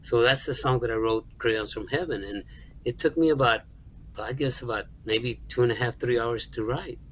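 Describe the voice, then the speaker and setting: A middle-aged man speaks at an average pitch, telling a personal story as an interview guest. He is earnest and halting, stumbles over repeated words and slips into the voices of the people he quotes. A faint low rumble sits underneath his voice. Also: poor audio. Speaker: guest songwriter and music store manager.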